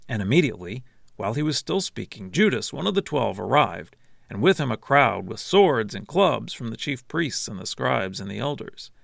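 A man narrating a scripture reading in a steady, measured way. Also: medium pitch, vocal fry, no room sound, studio quality. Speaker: scripture reader.

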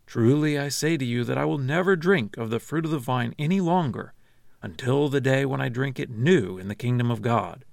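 Jesus, grave and measured, read by a man. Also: mid-range voice, creaky, no echo, clean studio sound, lightly acted. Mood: solemn. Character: calm grave male teacher, Jesus. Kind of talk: scripture reading.

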